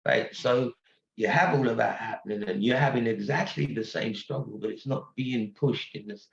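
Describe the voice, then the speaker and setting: Animated older English man, roomy sound. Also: medium pitch, normal speed, vocal fry. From England. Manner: animated storyteller, laughs often. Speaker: guest singer. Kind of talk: casual interview chat. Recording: roomy, dull-sounding audio.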